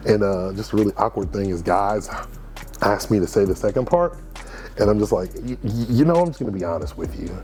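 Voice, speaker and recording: A man in his thirties from Kansas City, telling stories in a casual interview, chatty and animated, with lots of fillers and restarts. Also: fairly low pitch, a little fast. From Kansas City, USA. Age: 30s. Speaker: food reviewer being interviewed.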